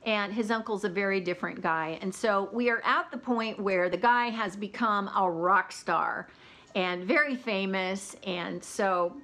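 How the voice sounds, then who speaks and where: A woman's voice: medium pitch, measured pace, fairly bright tone. Chatty woman reviewing audiobooks. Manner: chatty, with many fillers like "you know". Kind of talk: casual vlog chat.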